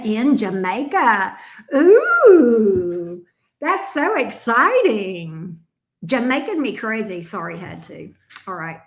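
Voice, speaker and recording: Woman tarot reader, unhurried live-stream host, roomy echo. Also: mid-range voice, fairly bright tone. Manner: chatty, repeats questions while shuffling.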